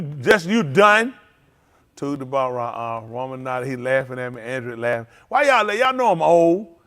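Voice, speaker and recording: A man, a pastor telling food stories to his livestream with laughter and excitement. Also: medium pitch. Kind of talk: casual livestream storytelling.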